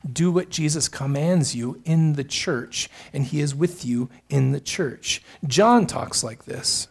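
A male pastor preaching a sermon with earnest emphasis, rising on key points and adding quick asides to the congregation. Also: a little high, gravelly.

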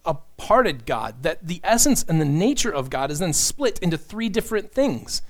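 Earnest man preaching a sermon. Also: sits high. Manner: earnest, animated preaching with asides. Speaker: pastor.

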